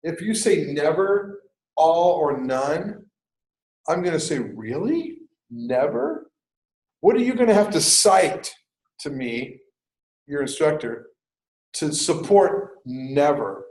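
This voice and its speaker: A man with a slightly higher voice lectures on academic writing to a class, talking in a lively, conversational way and throwing in jokey asides. The sound is roomy, with the echo of a classroom around him. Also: slow pace. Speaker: writing instructor.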